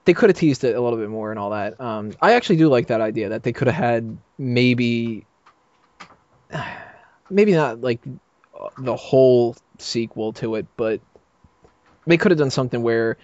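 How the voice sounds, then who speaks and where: A man's voice: medium pitch, animated, moderate pace, darkish tone, no echo. Rambling man on a dull dry podcast mic. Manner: rambling, filler-heavy, laughs often. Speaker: podcast panelist. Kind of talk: casual roundtable chat.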